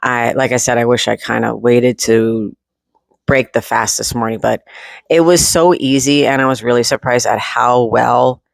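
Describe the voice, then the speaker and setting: A man's voice: medium pitch, gravelly, no echo. A man talking at home in a rambling, casual video diary, full of fillers and restarts, with the odd swear word. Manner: candid, with occasional swearing. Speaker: vlogger.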